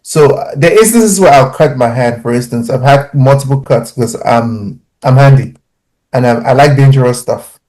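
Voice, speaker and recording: A man, a father on a podcast panel, telling personal stories in an animated, heartfelt way. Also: medium pitch, moderate pace, rough recording. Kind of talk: casual podcast discussion.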